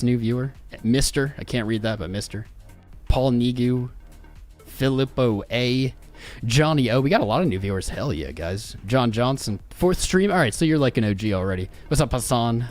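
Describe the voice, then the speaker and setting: A male livestream host in casual chat, bantering and greeting viewers one by one by name. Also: mid-range voice. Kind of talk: casual live-stream chat.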